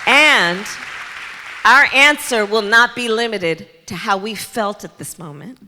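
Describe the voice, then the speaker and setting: In a large community center hall, a woman political candidate addresses a crowd with a rhetorical campaign speech that returns again and again to key phrases. Her medium-pitched voice is pushed and bright, and she speaks slowly. Reverb fills the recording, along with faint crowd noise.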